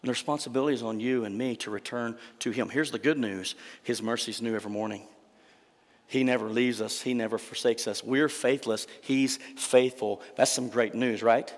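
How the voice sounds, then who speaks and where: Guy pastor preaching, chatty and emphatic, mid pitch, long church reverb. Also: fairly even intonation, moderate pace. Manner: conversational, emphatic preaching with rhetorical questions. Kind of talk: sermon. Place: church sanctuary.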